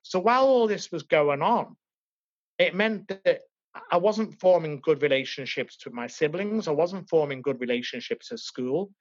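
A man's voice: a little high, expressive, normal speed, no room sound. A man from Liverpool, England, telling his life story as an interview guest in an earnest, emotional, reflective way. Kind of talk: personal life story in conversation. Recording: dull, lo-fi, dry.

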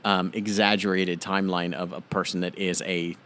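Podcast co-host, male, slightly low voice, riffs sarcastically in loose chat. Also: level tone, moderate pace, a bit bright. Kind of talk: casual chat.

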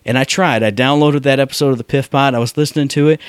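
Male podcast co-host, mid pitch, casual and animated, mocking voices, dry close mic. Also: fast, few pauses, clean tone, no echo, soft background music. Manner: animated, mocks with exaggerated voices. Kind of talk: casual chat.

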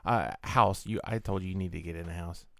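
Fast-talking Southern Maryland man. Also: deep voice, steady tone, creaky, sharp tone. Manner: fast, tumbling speech with restarts. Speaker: podcast co-host. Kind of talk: casual chat.

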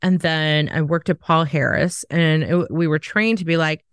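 A woman hosts a casual interview, telling stories with lively acted-out dialogue. Her voice is smooth and clear, recorded dry and close. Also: low voice, normal speed, no room sound. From Southern United States. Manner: animated storyteller who acts out quoted dialogue. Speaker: podcast host.

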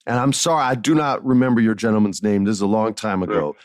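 A man in his forties hosting a podcast, telling stories in a casual, animated way and swearing freely. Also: on the low side, quick pace, no echo, clean studio sound. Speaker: podcast host. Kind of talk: casual interview chat.

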